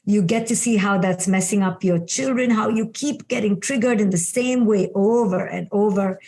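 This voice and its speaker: A middle-aged woman speaking as a psychologist in a conversational interview. She leads a guest step by step with calm, steady questions and warm affirmations. Her pitch sits in an ordinary middle range. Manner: calm, affirming, repeats "beautiful". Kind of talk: guiding a coaching exercise in conversation.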